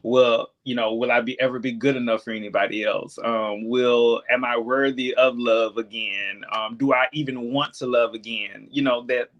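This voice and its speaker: A man of thirty, a podcast guest, talking candidly in a hesitant, reflective way with many pauses and filler words. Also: mid-range voice, steady tone, a bit bright, lo-fi sound. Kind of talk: candid conversation.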